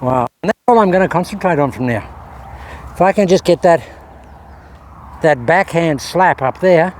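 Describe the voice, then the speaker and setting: Man, slightly high voice, golf vlogger chatting and coaching himself outside, faint background noise. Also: animated, moderate pace. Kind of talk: casual talk to camera while practising. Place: outdoor golf practice area.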